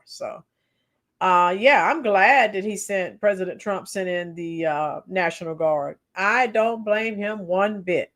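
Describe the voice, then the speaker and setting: A woman with a hoarse, cracking voice giving chatty, opinionated political commentary on a live stream and reading viewer comments. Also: medium pitch. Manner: opinionated, chatty, sings song snippets slowly. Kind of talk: casual political commentary livestream.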